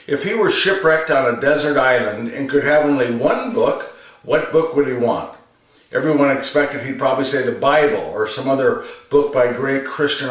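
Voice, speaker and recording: A man's voice: medium pitch, fairly bright tone, roomy sound, recorded from a distance. A man giving an earnest homily, repeating phrases for emphasis. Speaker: religious reflection presenter.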